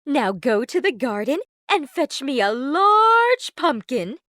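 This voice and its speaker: Lady putting on a dotty fairy godmother for a storybook, airy and bouncy, a bit slow. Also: high voice, sing-song, fairly bright tone, no echo, studio quality, pitched above the performer's own voice, full character voice. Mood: breezy. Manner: airy, breezy, slightly slower. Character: scatterbrained cheerful fairy godmother, older woman.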